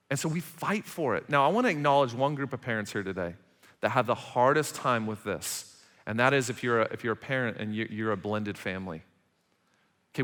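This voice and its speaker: Animated man preaching in a hall. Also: medium pitch. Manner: animated, emphatic, acts out parents' quarrels. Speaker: pastor. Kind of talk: sermon. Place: church auditorium. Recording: large hall reverb.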